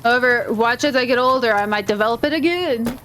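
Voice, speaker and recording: A woman's voice: on the high side, brisk, fairly bright tone, a little hiss or hum. Chatty Minnesotan woman gaming. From Minnesota, USA. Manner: rambling, chatty, playfully cursing. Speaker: gaming video host. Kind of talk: casual chat over gameplay.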